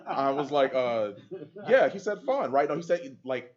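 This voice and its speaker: A man's voice: medium pitch, sing-song, moderate pace, over a noisy crowd. A man on a panel, a game caster, telling stories in a casual, laughing way with many fillers. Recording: dull lo-fi audio.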